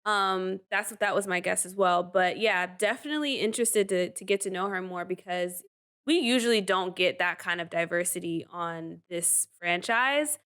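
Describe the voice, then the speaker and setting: A woman co-hosting a casual reality-TV reaction chat. She talks in an animated, chatty way, laughs often, and leans on "like" and "um". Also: lowish voice, normal speed, clear, resonant tone. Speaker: co-host.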